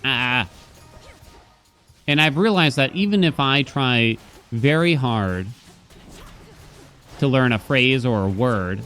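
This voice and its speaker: A man's voice: mid-range voice, fairly bright tone. Chatty young man streaming a game. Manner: chatty, thinks aloud while playing. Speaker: gaming streamer. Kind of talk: casual gameplay commentary.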